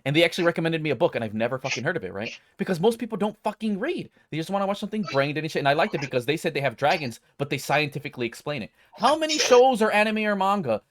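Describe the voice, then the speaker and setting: Guy ranting on a podcast, fast and all over the place, cussing a lot, dry close sound. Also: a little high, very animated, no room sound. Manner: profane, heated, opinionated, rambling with restarts. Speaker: podcast co-host. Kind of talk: casual rant.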